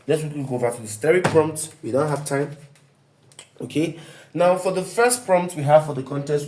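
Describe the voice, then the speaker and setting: A man's voice: on the high side, a little mellow, echoey room. A man teaching an online writing lesson as a coach, emphatic, often asking listeners to fill in the blank and checking "do you get me?".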